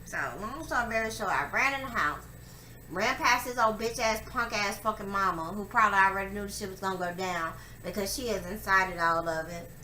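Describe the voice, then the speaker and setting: A young woman telling a personal story to camera, profane and emphatic, acting out her quotes loudly. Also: mid-range voice, brisk. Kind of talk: candid storytelling monologue. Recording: echoey room with faint ambient noise.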